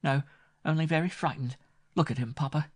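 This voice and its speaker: A man's voice: fairly high pitch, brisk, pitched above the performer's own voice, lightly acted. A man voicing a spirited young woman who teases playfully. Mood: arch, playful. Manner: playful, arch teasing. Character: teasing spirited young woman, gentle and arch.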